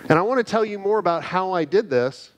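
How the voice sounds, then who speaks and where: A middle-aged man giving an energetic, animated conference talk, telling stories and checking in with the crowd with "right?". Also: high voice, fast. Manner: energetic, animated storytelling with frequent "right?" tags. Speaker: conference speaker. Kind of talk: keynote talk to a live audience. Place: conference hall.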